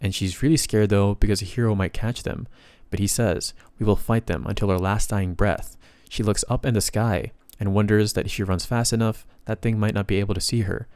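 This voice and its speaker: A man's voice: lowish voice, fairly even intonation, a little fast, a little mellow, smooth, no echo. A man narrating a comic story recap in a casual, plain retelling style with bits of slang.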